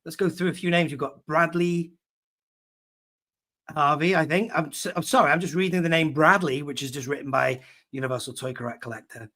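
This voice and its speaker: A man's voice: fairly high pitch, a little fast, sharp tone. Chatty man hosting a live stream. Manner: chatty, reads out viewer names. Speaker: host of a live fan show. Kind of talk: casual live-stream chat.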